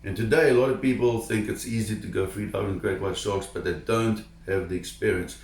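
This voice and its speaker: A man's voice: on the low side, fairly quick, echoey room, slight background noise. Man telling a story. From South Africa. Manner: animated, emphatic, repeats words when excited. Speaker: shark diver telling a story. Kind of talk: casual storytelling to camera.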